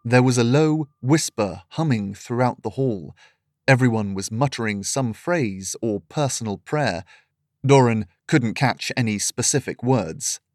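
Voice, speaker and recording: A man reading a fantasy story aloud in steady, measured scripted narration. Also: mid-range voice, dry recording, clean studio sound.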